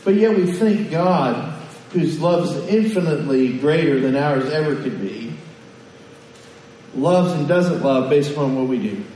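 A man's voice: fairly high pitch, expressive, measured pace, mellow, distant mic, slight background noise. Man preaching in an echoey hall. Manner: conversational preaching with questions to the congregation. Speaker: pastor. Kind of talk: sermon.

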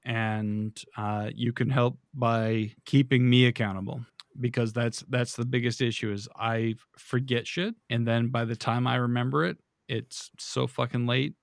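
Gravelly-voiced man in loose podcast chat. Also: medium pitch, fairly even intonation, unhurried, no echo, studio quality. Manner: rambling, self-deprecating, swears. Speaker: podcast guest. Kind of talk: casual chat.

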